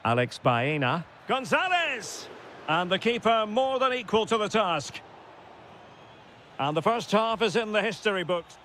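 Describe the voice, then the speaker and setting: Male play-by-play caller for a football game: high, bright voice, clipped calls that rise when chances come. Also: normal speed, slight background noise. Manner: terse calls that swell into excited shouts on goals. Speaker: play-by-play commentator. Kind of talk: football video game commentary.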